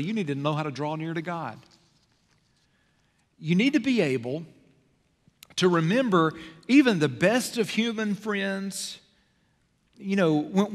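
A man preaching a sermon as pastor, swinging between loud emphasis and hushed, quiet passages. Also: on the high side. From American South. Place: church sanctuary. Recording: long hall reverb in a church sanctuary.

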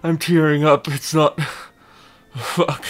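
A man's voice: a little high, level tone, very slow. A man giving casual, rambling let's-play commentary over a game, giggling and repeating a silly catchphrase. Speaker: gameplay commentator.

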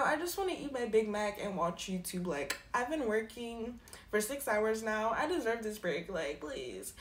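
A young woman telling a casual storytime about a past job, acting out what people said with big jumps in her voice. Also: roomy sound. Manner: animated, quoting people with lively pitch jumps. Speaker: storyteller vlogger.

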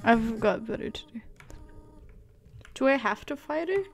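A young woman giving excited, chatty commentary while streaming a video game for the first time. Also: fairly high pitch, unhurried. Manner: excitable, exclaims and laughs a lot. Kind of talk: casual live gameplay commentary. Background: faint game music.

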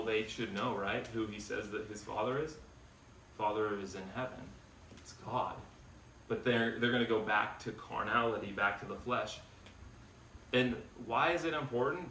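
A man's voice: on the low side, fairly bright tone, echoey room, recorded from a distance, a little hiss or hum, poor audio. A male pastor leading a Bible study in a conversational way, thinking aloud, restarting sentences and acting out quoted dialogue. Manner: acts out dialogue in quoted voices.

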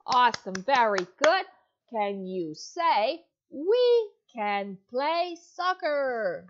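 A woman in her thirties, an ESL teacher, giving a demo online lesson to a child with slow, exaggerated, encouraging speech and lots of praise. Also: fairly high pitch, sing-song, muffled recording. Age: 30s.

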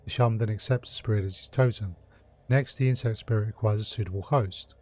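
A man's voice: fairly low pitch, fast, dark tone, lightly acted. Man doing a wry, flamboyant elf showman. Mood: lecturing. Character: flamboyant painted male elf, mocking and theatrical.

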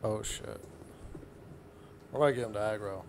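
A man's voice: on the low side, normal speed, a little hiss or hum. Profane young man reacting to a game. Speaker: gaming channel host. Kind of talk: let's play commentary.

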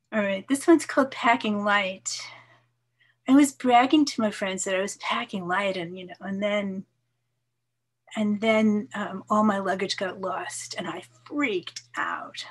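A woman in her seventies, a poet, reading her poems in a measured, expressive way and chatting casually between them. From New York, USA. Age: 70s. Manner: measured, expressive reading, soft voice dropping low on some lines. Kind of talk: poetry reading with casual asides.

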